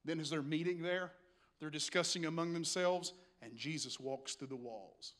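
A male pastor preaching a sermon, telling the story dramatically and swinging between hushed passages and shouts. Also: fairly high pitch, normal speed.

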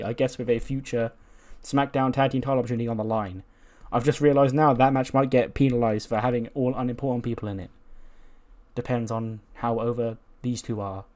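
Narrating a wrestling management game in a relaxed let's play, a male game commentator keeps things chatty and loose. He laughs often and peppers his talk with "like" and "you know," in a mellow, medium-pitched voice.

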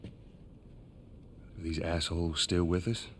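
An actor voicing a gruff, weary middle-aged male smuggler in a video game, speaking dryly and tersely. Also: deep voice, flat delivery, slow pace, full character voice. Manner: dry, terse.

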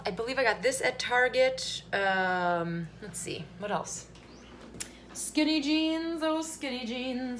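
A chatty woman in her thirties talks to a tripod camera in her kitchen, joking and now and then singing a silly line. Her voice sits a little high. The room rings with echo, and a faint hum hangs underneath. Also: fairly bright tone. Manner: chatty, jokey, breaks into silly sung bits. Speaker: vlogger. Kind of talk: casual vlog chat. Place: home kitchen.

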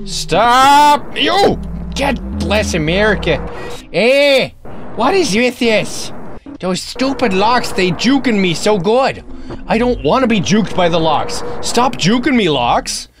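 A man playing a horror maze game, excitably chattering to the game's keys and locks with silly banter and sudden yelps. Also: high voice, takes it slowly, pauses often. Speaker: let's play gamer. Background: game music.

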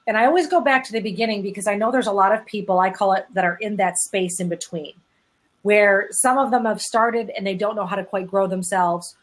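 A woman hosting a panel discussion, talking in an encouraging and reflective way. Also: mid-range voice. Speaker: host.

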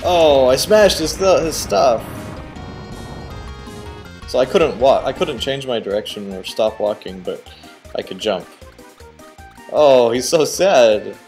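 Excitable man commenting on gameplay. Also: medium pitch, slow pace, pauses often, faint music behind. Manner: excitable, talks to the game character. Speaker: let's play host.

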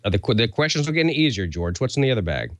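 A man's voice: medium pitch, big pitch swings, very fast, no echo. A middle-aged man co-hosting a show, doing a jokey, self-mocking ad read in casual talk. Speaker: co-host reading an ad.

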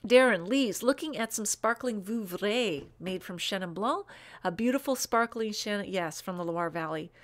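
A woman hosts a live online wine show in a loose, chatty way. She gushes over bottles, rattles off tasting notes and answers viewers' comments as they come in. Her talk is full of little "um"s and quick asides. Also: mid-range voice, expressive. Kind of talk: casual live-stream chat, reading viewer comments.

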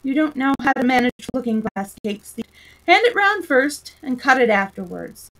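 A woman's voice: high voice, very animated, moderate pace, a bit bright, full character voice, poor audio. Woman doing a sleepy, growly lion. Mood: weary. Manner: tired, growling. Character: weary, sleepy, grumpy male lion.

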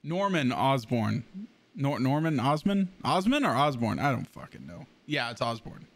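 A young man casually commenting on his gameplay as a streamer, excitable and swearing often. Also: mid-range voice, normal speed.

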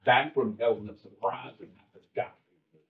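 A man addressing a closed meeting in a measured, halting way as he explains. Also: on the low side, expressive. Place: meeting room, far from the mic. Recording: distant, echoey, tinny leaked recording.

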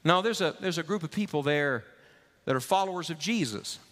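A pastor preaching with passion, pleading and telling stories. His voice sits fairly high and swings widely in pitch. A long reverb from the church sanctuary trails behind him. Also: expressive, brisk, fairly bright tone. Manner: impassioned, pleading, storytelling. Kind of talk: sermon.

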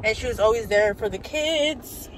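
A woman's voice: on the high side, moderate pace. Tearful woman vlogging on a noisy street. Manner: emotional, tearful, chatty. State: crying. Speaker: family vlogger. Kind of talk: casual family vlog. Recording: loud street noise behind.

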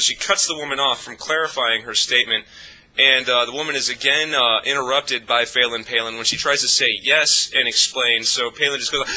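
A man's voice: medium pitch, bright, forceful tone, poor audio. A man vlogging a profane, scornful rant of political commentary. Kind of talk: ranting commentary.

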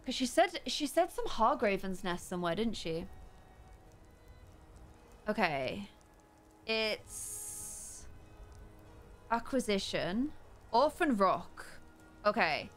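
A young woman streaming a game, chatting excitedly with her viewers while losing her voice. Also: medium pitch, slow, long pauses, soft background music. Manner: chatty, excitable, talks to herself while playing. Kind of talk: casual gameplay chat with viewers.

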